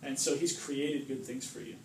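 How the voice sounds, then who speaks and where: Speaking to a small group, a man gives a casual, joking sermon, performing voices and asking "right?" often. He uses a mid-range voice with a steady tone and a moderate pace, heard through a roomy, distant recording with background noise.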